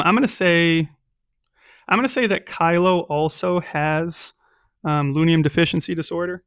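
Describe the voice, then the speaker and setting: A man's voice: fairly high pitch, a bit bright, no echo, studio quality. A man narrating a solo tabletop game as game master, casual and chatty, often checking in with "right?".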